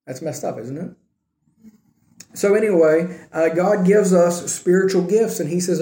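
A pastor with a warm voice that sits high preaches at a measured pace, keeping his sermon conversational. He often asks his listeners rhetorical questions, and the recording has a roomy echo.

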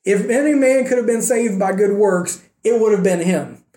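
A male pastor preaching in a sermon, his voice high for a man and mellow in tone. He speaks earnestly and builds with rhetorical questions and repeated phrases, and the sound carries a roomy echo. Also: normal speed.

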